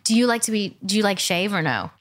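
A woman co-hosting a podcast, chatting bluntly and teasing her co-host with quick, pointed questions. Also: medium pitch, lively intonation, a bit bright. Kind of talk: casual chat.

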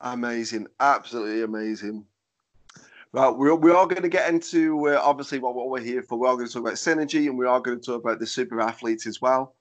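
A man's voice: medium pitch, fast. A man hosting a podcast, chatty and casual, swearing freely as he sets up a game. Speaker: podcast host.

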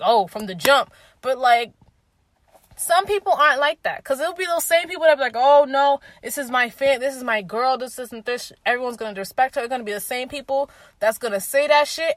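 Her voice is medium-pitched and the recording is dry. She's in her twenties, talking casually and frankly about her opinions, cursing freely and bringing her stories to life by voicing what others said.

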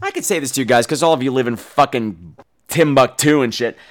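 A man's voice: medium pitch, a little fast. A man hosting a podcast, ranting in a comic, profane way and acting out quotes in exaggerated voices, with a New York accent. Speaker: podcast host. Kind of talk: comedic podcast rant.

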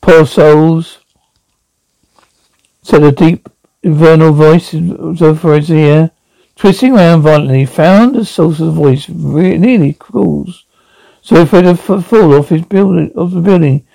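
Gravelly male audiobook narrator. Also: a little high, measured pace, mellow, no room sound, rough recording. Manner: stumbling, self-correcting reading. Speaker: audiobook reader.

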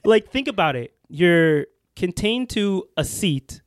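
A man's voice: high-pitched, big pitch swings, slow, no echo, studio quality. A young man co-hosting a podcast, telling a story in casual chat with lots of restarts and fillers. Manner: rambling with many restarts and fillers. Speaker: podcast co-host.

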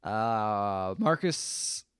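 A man's voice: extremely slow, clean tone, no echo, clean studio sound. A man casually recapping a movie on a podcast, acting out quotes and laughing along. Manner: animated, acts out quotes with jumps in pitch and laughs.

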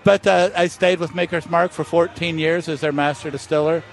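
Animated storytelling man outdoors. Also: fairly high pitch, moderate pace, creaky, a crowd in the background. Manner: animated storyteller, acts out voices. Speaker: master distiller, interview guest. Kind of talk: storytelling interview. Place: outdoors at a festival.

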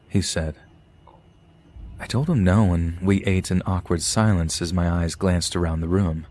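A man's voice: deep voice, measured pace, darkish tone, slight background noise. A man, a podcast host, reading a scary story aloud with some dry asides.

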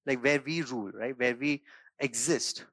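A man preaching a sermon as pastor, moving between quiet reflective passages and raised emphatic points, checking in with "right?" and "okay?". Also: medium pitch, moderate pace, no echo.

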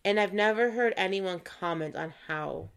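A young woman with a Minnesotan accent chatting casually as a podcast co-host, animated and swearing freely. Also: medium pitch, normal speed, clear, resonant tone. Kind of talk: casual chat.

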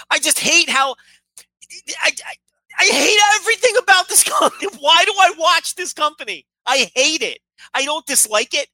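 A woman's voice: high voice, pushed and bright, no room sound, rough recording. A woman co-hosting a podcast in casual chat, ranting heatedly and swearing freely. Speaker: podcast co-host.

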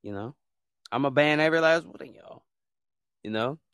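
A man's voice: mid-range voice, normal speed, fairly bright tone, clear, resonant tone, no echo, clean studio sound. A man hosting his own podcast, delivering a blunt, fed-up rant full of repetition and casual slang. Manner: fed-up, blunt, repeats himself. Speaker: podcast host. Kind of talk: ranting monologue.

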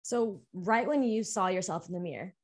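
A woman's voice: medium pitch, moderate pace. Supportive woman host asking questions. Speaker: podcast host. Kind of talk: interview.

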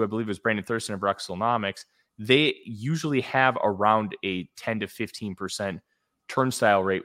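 A podcast host, a man with a lowish voice, who talks earnestly and haltingly. He often stops and restarts his sentences as he sets up a question. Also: a bit bright. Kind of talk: casual podcast chat.

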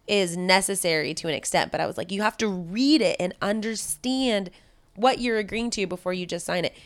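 A woman's voice: medium pitch, gravelly, fairly bright tone, dry recording. A woman co-hosting a podcast in casual, swearing, stubborn chat. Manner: swearing, stubborn, laughing often. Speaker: podcast co-host.

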